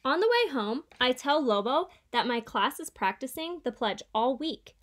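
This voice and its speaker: A woman reading a children's picture book aloud in a steady, clear storytelling way. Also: high voice, moderate pace. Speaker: reader.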